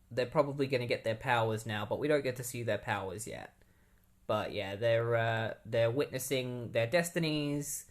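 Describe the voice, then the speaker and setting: Man, podcast host, casual comic recap, rambling, lots of fillers. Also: mid-range voice. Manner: rambling, heavy use of "like" and "um" fillers.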